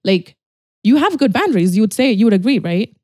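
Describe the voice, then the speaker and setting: A woman in her twenties hosting a podcast, chatting casually with a friend, swearing and making quick asides. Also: fairly high pitch, very animated, darkish tone, no echo, studio quality. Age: 20s. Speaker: podcast host. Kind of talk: casual chat.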